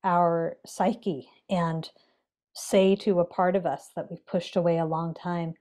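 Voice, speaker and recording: Her delivery is flat and her voice on the low side as this meditation teacher talks on a podcast. She sounds measured, gentle and reflective, pausing and using fillers.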